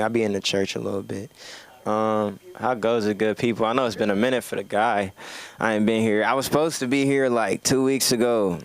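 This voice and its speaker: A man does a stand-up set into a handheld mic on a comedy club stage. His voice sits fairly low, and his delivery is relaxed and full of slang. He builds his jokes by repeating the same line again and again. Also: smooth. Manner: laid-back, slangy, repetitive comic build-ups.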